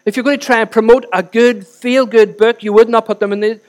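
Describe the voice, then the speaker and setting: A middle-aged man preaching a sermon as pastor, earnest and emphatic, swinging between loud and soft. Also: very high voice, fairly even intonation, a little fast.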